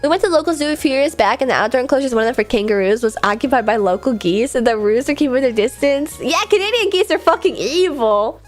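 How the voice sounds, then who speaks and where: A woman's voice: a little high, lively intonation, fast talker, hardly any pauses, faint music behind. A young woman streaming casually, rambling about her day and answering chat messages as they come in. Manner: rambling, chatty, reads chat aloud and answers it. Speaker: VTuber streamer.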